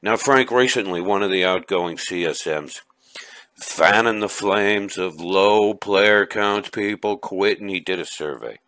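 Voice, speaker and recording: A man's voice: low voice, measured pace, a bit bright, dry recording. A man playing a brash, chatty middle-aged guy named Vinny, who leaves a rambling, stammering comedic voice message for a friend. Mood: boisterous. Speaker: caller leaving a message for a friend.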